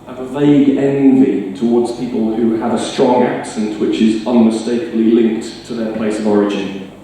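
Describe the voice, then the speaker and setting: A man's voice: on the low side, fairly even intonation, normal speed, warm tone, far from the mic, slight background noise. A middle-aged man from Northeast England with a mild northern accent, giving a wry, self-deprecating talk to a live audience. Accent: mild northern English. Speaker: storytelling speaker. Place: bar. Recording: roomy bar sound from afar.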